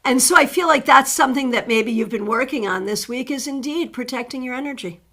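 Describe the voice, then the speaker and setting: A middle-aged tarot host talks a little fast in a high-pitched voice during her livestream. She greets viewers by name and warmly chats through their card readings.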